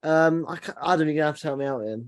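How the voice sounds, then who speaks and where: A man's voice: a little high, very fast, no room sound, studio quality. A man hosting a casual film podcast, talking hesitantly with lots of ums and restarts. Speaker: podcast host.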